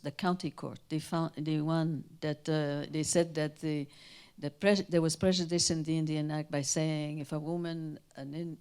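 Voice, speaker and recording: An older woman from Canada, a guest speaker telling anecdotes at a Q&A, animated and acting out the voices of people she quotes. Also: deep voice, smooth. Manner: animated, acts out quoted voices, trails off and restarts. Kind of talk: anecdotal storytelling at a Q&A. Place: town hall in front of an audience.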